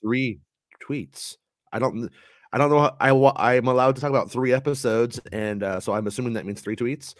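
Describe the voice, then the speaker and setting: A man's voice: medium pitch, normal speed, no echo, studio quality. A man hosting a podcast in a loose, chatty way, trailing into fillers and restarting his sentences. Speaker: podcast host. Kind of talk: casual podcast chat.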